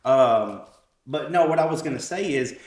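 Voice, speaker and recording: A young man hosts a casual podcast at an ordinary, mid-range pitch. He rambles loosely and swears freely as he talks. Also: lively intonation, normal speed, a little mellow. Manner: loose, rambling, peppered with profanity. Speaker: podcast host. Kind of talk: casual chat.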